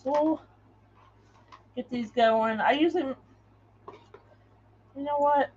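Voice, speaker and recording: A woman's voice: high voice, slow, darkish tone, dull audio, a little hiss or hum. A woman hosting a craft livestream, chatting in a rambling way and greeting viewers by name as she works. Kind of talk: casual live chat while crafting.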